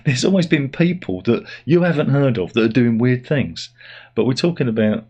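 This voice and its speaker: A man's voice: medium pitch, animated, normal speed, darkish tone, breathy edge, muffled recording. A middle-aged man giving a rambling, sardonic and self-deprecating opinion monologue as host of his own channel. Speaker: YouTube host.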